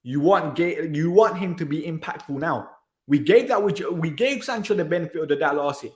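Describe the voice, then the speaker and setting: Fed up guy venting about his team, bit high voice, echoey room. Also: expressive, brisk. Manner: exasperated, repetitive, sighing. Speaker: football channel host. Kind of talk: frustrated match reaction rant.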